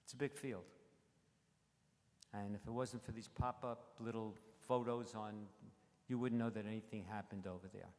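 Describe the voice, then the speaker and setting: A man in his eighties telling a congregation about a trip in a plain, halting, conversational way, speaking at a mic at the front of a synagogue. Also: fairly low pitch, steady tone, darkish tone. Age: 80s. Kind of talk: personal storytelling address. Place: synagogue sanctuary. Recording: long reverb of a large sanctuary.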